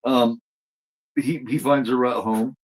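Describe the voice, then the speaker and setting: A man's voice: medium pitch, fairly even intonation, takes it slowly, rough recording. A man casually recapping a TV episode as a podcast co-host, rambling with lots of fillers and restarts.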